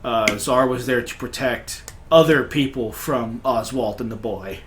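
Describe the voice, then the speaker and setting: A man's voice: mid-range voice, measured pace, background noise. Rambling man running a tabletop game. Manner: rambling, many fillers and restarts. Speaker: game master. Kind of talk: casual recap of a tabletop game.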